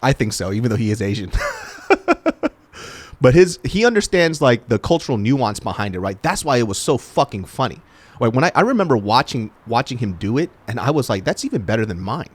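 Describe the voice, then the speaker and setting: A man's voice: mid-range voice, fairly quick, no echo. A man from Sacramento, a comedian guest in a casual podcast chat, laughing often and swearing freely. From Sacramento, California. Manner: laughs often, animated and profane.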